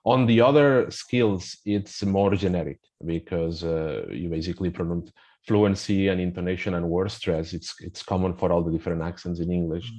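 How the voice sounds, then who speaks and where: A man with a Spanish accent, a native Spanish speaker, explaining a pronunciation app in a webinar in a halting way with frequent restarts. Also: deep voice, darkish tone. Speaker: guest presenting a pronunciation app.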